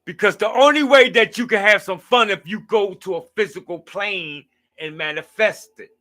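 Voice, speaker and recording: A man's voice: high voice, moderate pace, a bit bright. A tired man hosting a late-night livestream, rambling loosely in slang and preaching about life. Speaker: livestream host.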